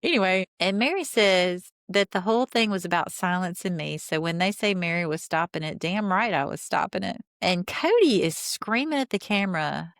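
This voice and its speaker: A woman's voice: fairly low pitch, expressive, normal speed, gravelly, few pauses, a bit bright, no echo, studio quality. A woman hosting a podcast, casually recapping a reality show in an opinionated way, retelling scenes through quoted lines and throwing in sarcastic asides.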